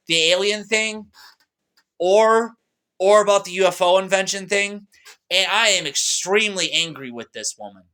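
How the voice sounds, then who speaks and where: A man's voice: high voice, bright, forceful tone. A young man talking to camera in a rambling, agitated monologue, full of restarts and fillers. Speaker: vlogger.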